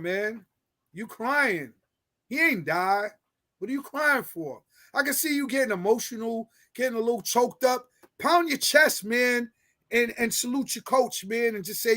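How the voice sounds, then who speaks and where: A man with a very high voice hosts a loose sports chat. He is brash and argumentative, piling on slang as he rants. He sounds like a regular behind the mic. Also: animated, unhurried, sharp tone. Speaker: sports podcast host.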